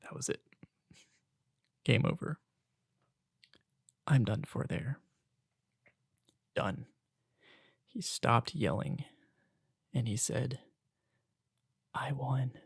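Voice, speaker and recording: Ranting young man, gravelly voice. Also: medium pitch, drawn-out words, pauses often, no echo, studio quality. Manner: animated storytelling, swings between loud outbursts and hushed asides. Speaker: podcast host. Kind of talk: casual ranting monologue.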